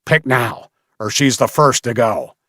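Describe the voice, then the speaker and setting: A man's voice: medium pitch, unhurried, a bit bright, dry recording, clean studio sound, natural voice. A man voicing a cruel, mocking male slaver leader in an audiobook, snarling and taunting. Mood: menacing.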